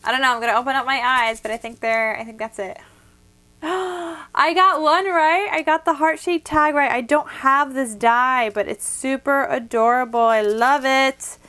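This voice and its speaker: A woman's voice: on the high side, steady tone, moderate pace, few pauses, sharp tone, clear, resonant tone. A young woman vlogger chatting casually and gushing while unboxing craft gifts at her desk at home, a little out of breath. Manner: chatty, gushing, many fillers.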